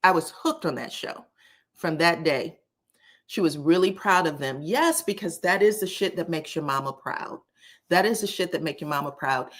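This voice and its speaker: A woman doing casual live-stream commentary, chatty and animated, talking straight to her chat. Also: deep voice. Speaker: livestream commentator.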